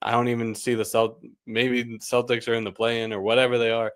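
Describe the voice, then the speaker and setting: A man co-hosting a podcast, chatting casually about basketball, relaxed and prone to laughing and trailing off. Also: mid-range voice, brisk, clean tone, no echo, studio quality. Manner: relaxed, laughs often, trails off mid-sentence. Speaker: podcast co-host. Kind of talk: casual sports chat.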